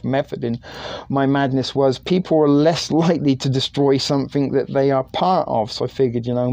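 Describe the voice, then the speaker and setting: A man with a mellow, soft-edged voice at a middling pitch rambles through an anecdote on his live stream. He is self-deprecating and scattered with "um" and "sort of", and the recording is close and dry. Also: dry recording. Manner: rambling, self-deprecating, many fillers and hedges. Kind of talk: casual anecdotal chat.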